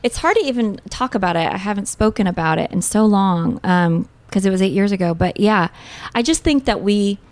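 A woman in her forties speaks as a podcast guest, earnest and heartfelt, letting tender pauses fall between thoughts. Her voice sits at an ordinary middle pitch. The sound is dry and close, with no room around it. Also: expressive, darkish tone, no room sound. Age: 40s. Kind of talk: emotional personal storytelling.

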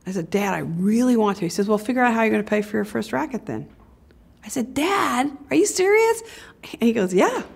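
Older american woman, gravelly and husky, lively motivational storyteller. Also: medium pitch, fast. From United States. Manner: animated storytelling, acting out voices of family. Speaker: former tennis champion telling her story.

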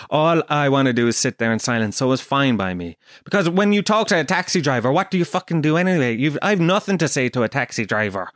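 A man's voice: medium pitch, fairly quick, no room sound, studio quality. Swearing Irish man telling stories. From Ireland. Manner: animated storytelling, swears a lot, acts out quotes. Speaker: podcast host. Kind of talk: casual comedic monologue.

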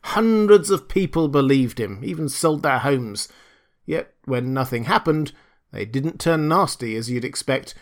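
A man with a medium-pitched voice and lively intonation performs George in an audiobook, speaking a little slowly and only lightly acting. George is a bored, weary male computer engineer far from home, homesick and given to dry grumbling.

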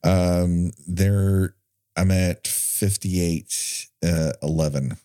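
A man's voice: deep voice, drawn-out words, smooth, no echo, studio quality. A man from California co-hosting a casual movie commentary podcast, joking and sarcastic. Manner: joking, animated, sarcastic asides. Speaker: podcast co-host.

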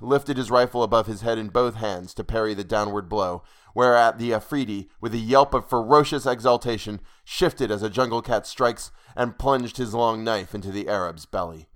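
A man narrating a pulp adventure story in a steady, dramatic reading. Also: fairly low pitch. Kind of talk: audiobook narration of pulp fiction.

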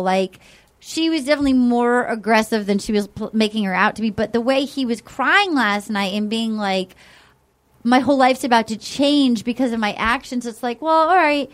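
A woman with a fairly high voice chatting casually as a co-host. She rambles loosely, full of fillers and restarts. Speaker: podcast co-host. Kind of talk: casual chat.

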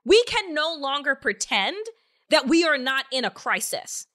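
A woman's voice: high voice, big pitch swings, measured pace, fairly bright tone. Fired-up woman podcast host. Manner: angry, emphatic, rhetorical questions. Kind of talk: opinionated political commentary with profanity.

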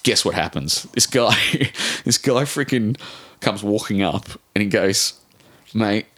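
An Australian man in his forties, an author telling a rambling, animated story in a casual interview, swearing casually and restarting his sentences often. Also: lowish voice, unhurried, breathy edge. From Brisbane, Australia. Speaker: author guest.

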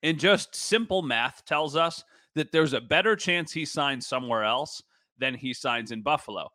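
A man's voice: mid-range voice, normal speed, bright, forceful tone, no echo. A man co-hosting a sports podcast, chatting casually with a self-deprecating manner. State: just recovered from a nasal cold. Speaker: sports podcast co-host, former TV reporter.

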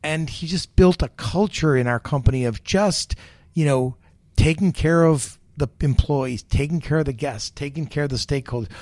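A middle-aged chef and restaurateur, a man, telling stories in an interview and acting out the people in them with lively energy. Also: on the high side, normal speed, no echo. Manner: animated, acts out the people in his stories. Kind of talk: storytelling interview.

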